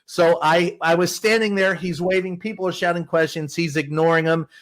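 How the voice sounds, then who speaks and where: A White House correspondent guest on a podcast, talking in a blunt, emphatic way and cursing when he wants to drive a point home. His voice sits a little above the usual male pitch. He tells his stories with conviction. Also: fairly even intonation, moderate pace, fairly bright tone. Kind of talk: podcast interview, storytelling.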